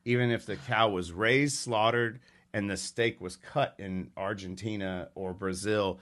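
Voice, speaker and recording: A man with a very deep voice explains things plainly as a guest. He stays matter-of-fact but leans hard on the points he wants to land. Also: steady tone, unhurried, fairly bright tone. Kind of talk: explanatory interview talk.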